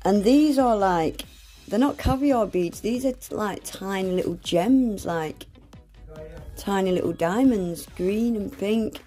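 A woman's voice: mid-range voice, takes it slowly, mellow, slightly rough, soft background music. A woman unboxing nail art supplies in a gushing, exclamatory manner, often gasping. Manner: gushing, exclamatory, lots of gasps and "oh my gosh". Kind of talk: unboxing vlog, casual chat.

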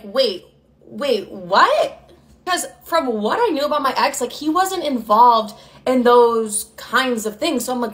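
A woman's voice: fairly high pitch, fairly bright tone. Chatty young woman telling a storytime. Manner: chatty, candid and profane, heavy use of "like". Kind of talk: casual storytime.

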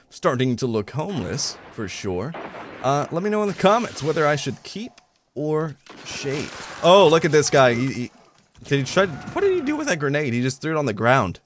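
A young man giving excitable, joking commentary over his own gameplay, making gun sound effects and yelling when surprised. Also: on the high side, normal speed, a little hiss or hum. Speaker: gaming YouTuber.

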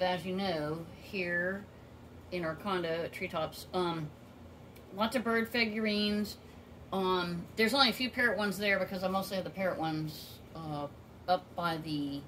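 A woman chatting in a casual home vlog from her condo, rambling along and cooing in a high baby voice to her pet bird. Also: a bit bright, a little hiss or hum. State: out of breath. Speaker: vlogger with a pet parrot.

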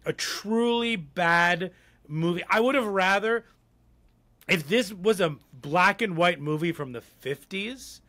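Man, podcast co-host, casual chat, blunt, rambling with fillers, a bit higher voice. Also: slow, bright, forceful tone.

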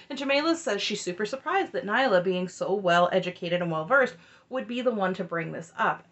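A woman's voice: medium pitch, fairly bright tone. A woman casually recapping a reality TV episode, chatty and opinionated, with wry asides.

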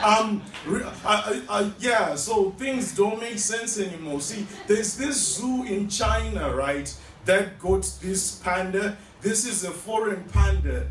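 High-voiced male stand-up comic. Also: a bit bright. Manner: rambling, stammering restarts. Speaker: stand-up comedian. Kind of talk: stand-up comedy set. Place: tea room. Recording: echoey room, distant mic, noisy.

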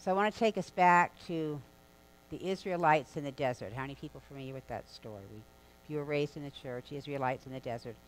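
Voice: medium pitch, a little hiss or hum, rough recording. A preacher giving a sermon in a church, in a conversational, storytelling delivery with casual asides. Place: church sanctuary.

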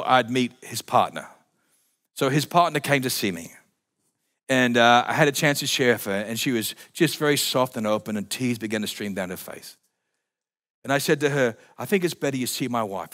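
A male pastor telling stories in a sermon, acting out the conversations in different voices. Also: medium pitch. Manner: animated storyteller acting out conversations. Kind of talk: sermon storytelling. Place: church.

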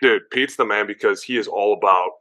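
A man in his thirties chats as a guest, rattling off stories at a quick clip. His voice is bright and lively, and he slips into quoted voices with plenty of "like" and "dude". It sounds like a relaxed, excited interview. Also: on the low side. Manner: animated, acts out quotes, many "like" and "dude". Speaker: guest, former pro football player. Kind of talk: excited casual interview storytelling.

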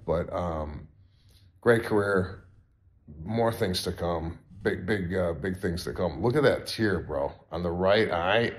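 Low-voiced man, casual and profane. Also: slow. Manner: loose and profane, calls people bro. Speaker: podcast co-host. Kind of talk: casual podcast chat and ad read.

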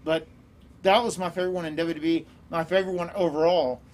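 A man in his forties talks fast and sits a little high in pitch for a man. He tells his stories easygoing and laughs often, with a faint ambient hiss behind him. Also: fairly even intonation. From American South. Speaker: guest wrestler. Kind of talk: casual chat.

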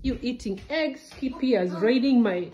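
A woman's voice: moderate pace, dark tone, lo-fi sound, a little hiss or hum. A woman filming her pets at home and chatting casually with her family and the cockatiel. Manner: chatty, talks to the bird in a high sing-song. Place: home kitchen.

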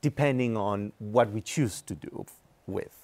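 A man answering interview questions as an engineering executive. He explains technical ideas step by step and often pauses on "uh" and "um". His delivery is measured and patient. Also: fairly low pitch, a little mellow. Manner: patient explaining, frequent fillers.

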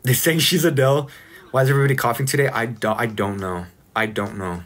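A man hosting a casual livestream, chatting and teasing his guests in a playful, animated way. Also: medium pitch, quick pace. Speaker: livestream host.

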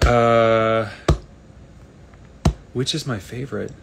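A man answers fan questions on a casual live video stream, reading comments aloud in an easygoing, rambling manner. His voice is low and gravelly, with a faint hiss beneath it. The delivery is chatty and unhurried. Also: fairly even intonation.

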